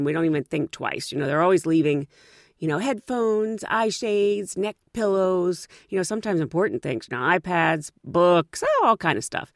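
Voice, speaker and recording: Brief: chatty flight attendant woman, expressive storyteller, dry recording. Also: on the low side, vocal fry, dry recording. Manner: animated, chatty, frequent "you know". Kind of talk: casual storytelling.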